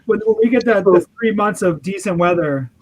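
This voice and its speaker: Blunt male chatter, high voice, casual swearing. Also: a little fast, a little hiss or hum, low-quality recording. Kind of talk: casual chat.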